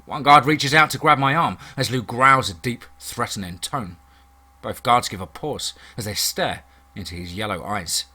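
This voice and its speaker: A man narrating a first-person horror story in a dramatic, measured reading. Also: medium pitch, bright, forceful tone, husky.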